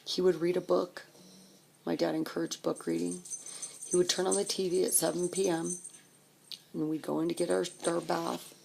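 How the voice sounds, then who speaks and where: A woman in her fifties recalling her childhood, telling stories in an animated, reminiscing way. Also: lowish voice, normal speed, creaky, long pauses, slight background noise. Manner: animated, reminiscing, acts out voices. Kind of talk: personal storytelling.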